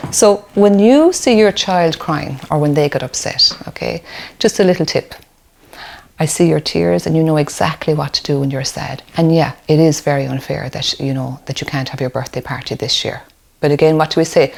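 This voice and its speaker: A woman's voice: low-pitched, brisk, gravelly, a little mellow. An Irish woman, a play therapist, explaining parenting in a webinar, often checking in with "okay?". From Ireland.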